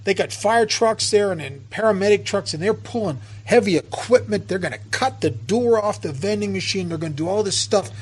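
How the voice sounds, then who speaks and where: A man in his fifties giving an earnest twelve-step recovery talk, halting and restarting as he tells stories. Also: sits high, expressive, slightly rough.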